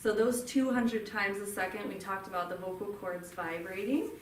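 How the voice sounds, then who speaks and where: In a room with a group, a female speech therapist runs a voice workshop, demonstrating hums and explaining the vocal cords in a friendly manner. She speaks at a moderate pace with a medium pitch, and there's a little hiss or hum. The live instruction is captured from a distance, sounding roomy with faint ambience.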